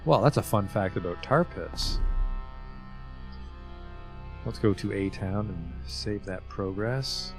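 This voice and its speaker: Male game streamer, low voice, loose and chatty, reads in-game text aloud over faint background music. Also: slow, pauses often. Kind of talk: casual livestream commentary.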